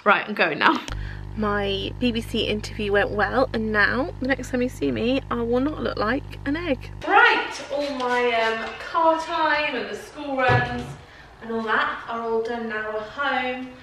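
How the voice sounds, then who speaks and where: A woman's voice: a little high, unhurried, background noise. A woman chatting casually in her vlog, rambling and poking fun at herself. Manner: chatty, rambling, self-deprecating. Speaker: vlogger.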